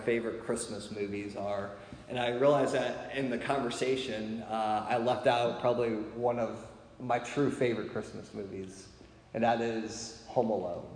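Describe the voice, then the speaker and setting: A man's voice: medium pitch, a little mellow. Man preaching in an echoey hall. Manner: conversational, frequent "right?" asides, chuckles. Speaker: pastor. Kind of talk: sermon.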